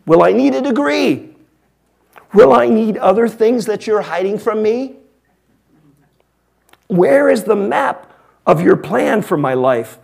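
A man's voice: high-pitched, very animated, vocal fry, darkish tone, husky, pitched above the performer's own voice, exaggerated voice. A preacher voicing a fretful old man who asks anxious questions in rhyme during a sermon. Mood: anxious pleading. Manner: rhyming, anxious, rapid questions.

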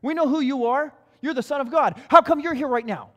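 A man's voice: extremely high pitch, lively intonation. A man doing frantic begging demons. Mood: pleading. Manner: whiny, rapid, begging. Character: frightened pleading demons, male, cornered and bargaining. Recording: long reverb in a large hall.

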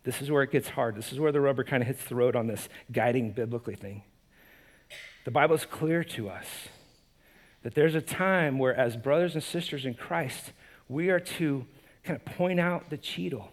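A man preaching a conversational sermon as a pastor, animated and often restarting and repeating words. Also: mid-range voice, normal speed.

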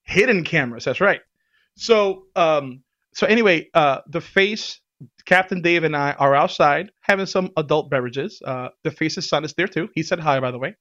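Lively man telling a story, casual. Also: a little high, normal speed, lo-fi sound. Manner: animated, laughs often, acts out quotes.

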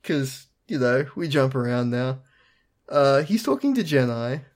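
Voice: medium pitch, lively intonation, unhurried, darkish tone. A podcast host recapping an episode in casual chat, acting out characters' lines with laughs and swearing.

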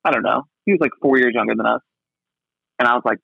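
A man's voice: mid-range voice, fast, gravelly, breathy edge, dry recording. A man in his thirties chatting casually as podcast co-host, laid-back and self-mocking. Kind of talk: casual chat. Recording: dull lo-fi audio.

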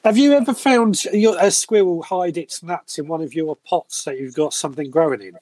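A man's voice: a little high, moderate pace, a little mellow, dry recording. Easygoing middle-aged British man. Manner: easygoing, hesitant, agreeable. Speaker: co-host and guest. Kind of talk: casual chat. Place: home room with grow lights. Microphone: webcam or phone mic.

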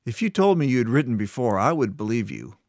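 A man's voice: mid-range voice, big pitch swings, fast talker, a little mellow, dry recording, studio quality. A man voicing an earnest, naive young man who talks in a plain, insistent way in a read-aloud story.

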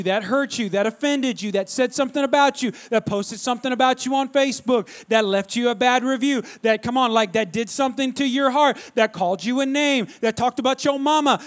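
High-voiced man preaching a sermon. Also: a little fast, hardly any pauses. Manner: storytelling, self-deprecating, addresses congregation directly. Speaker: pastor. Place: church.

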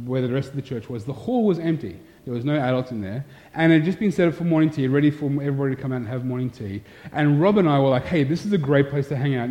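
A man's voice: medium pitch, mellow. A pastor giving a sermon, telling a candid, self-deprecating story from his own life. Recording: long hall reverb, dull sound.

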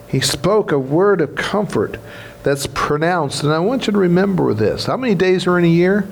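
A man's voice: high voice, lively intonation, moderate pace, vocal fry, slight background noise. A man preaching a sermon as pastor. He is emphatic, repeats key phrases and asks the congregation questions. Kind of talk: Easter sermon.

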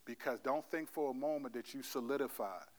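A male pastor preaching a sermon, telling stories animatedly, playing out God's voice in slangy asides and then dropping into a quieter, gentle exhortation. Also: mid-range voice, fairly quick. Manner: drops to a soft, quiet delivery for the exhortation.

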